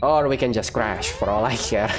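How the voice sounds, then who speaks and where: A man reading the lines of a sarcastic, gloomy spaceship computer from a game, in a dry deadpan way. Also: medium pitch, moderate pace, pitched below the performer's own voice, lightly acted. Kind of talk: reading game dialogue aloud.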